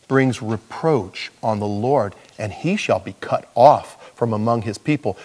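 A man preaching a sermon in a conversational, rambling way, full of restarts and asides. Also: mid-range voice. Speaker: pastor.

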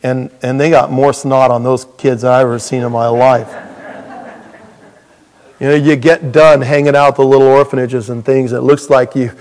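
A man's voice: medium pitch, level tone, normal speed, darkish tone. A man preaching a sermon as pastor in a church, earnest and folksy with touches of humor.

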